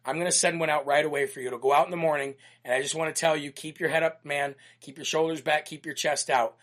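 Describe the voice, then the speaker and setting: Brash preachy american guy hosting a talk show, kinda high voice. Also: fairly even intonation, fast talker, a bit bright. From United States. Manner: reads listener letters aloud. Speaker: host.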